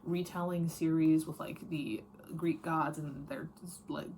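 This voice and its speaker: A woman with a low-pitched voice talks through her recent reads in a loose, chatty way, correcting herself as she goes. She is blunt and easygoing, and a faint hum of the room sits under her voice. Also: fairly even intonation, measured pace. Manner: chatty, frank, lots of fillers and self-corrections. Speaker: book vlogger. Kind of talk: casual reading wrap-up chat.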